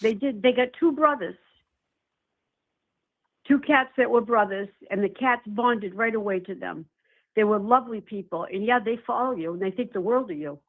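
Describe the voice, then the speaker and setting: A woman's voice: mid-range voice, normal speed. An older woman who runs an animal rescue, chatting affectionately on a phone call and calling people honey and darling. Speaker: animal rescue nonprofit founder. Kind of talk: casual phone chat. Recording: tinny phone line.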